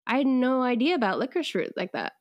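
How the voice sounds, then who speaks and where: A woman's voice: sits high, big pitch swings, fast, no echo, highs cut off. A young woman co-hosting a podcast, chatting casually and laughing often. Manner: giggly, chatty. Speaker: podcast co-host. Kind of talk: casual chat.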